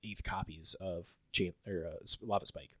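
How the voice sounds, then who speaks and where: Dry, low-voiced man chatting casually. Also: moderate pace, no echo. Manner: rambling, filler-heavy, animated when listing stats. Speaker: podcast co-host. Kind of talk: casual chat about card game results.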